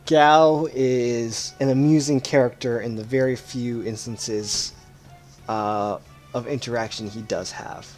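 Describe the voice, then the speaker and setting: A man's voice: medium pitch, fairly even intonation, slow, darkish tone, soft background music. A man hosting a let's play, giving casual, explanatory game commentary and often correcting himself mid-sentence.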